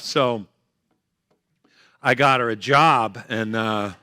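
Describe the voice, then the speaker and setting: A middle-aged man doing loud, teasing stand-up and crowd work on stage at a fundraiser. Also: mid-range voice, takes it slowly, clean tone, no room sound. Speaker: comedian performing at a fundraiser. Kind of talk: stand-up comedy with audience banter. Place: event hall, live on stage.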